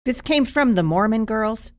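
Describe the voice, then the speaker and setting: A woman hosting a podcast interview, asking questions and offering opinions in a casual, warm way. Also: on the high side, expressive, moderate pace. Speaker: podcast host.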